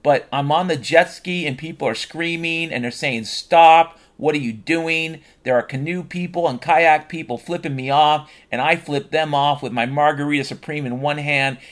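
A man telling a rambling comic story, swearing constantly and tossing in deadpan asides. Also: fairly high pitch, normal speed, hardly any pauses. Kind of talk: comedic rambling monologue.

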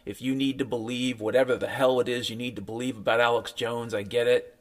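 A man's voice: medium pitch, flat delivery, brisk. A man ranting in a sardonic, profane monologue as a podcast host, mocking what others tell him. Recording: faint piano music behind.

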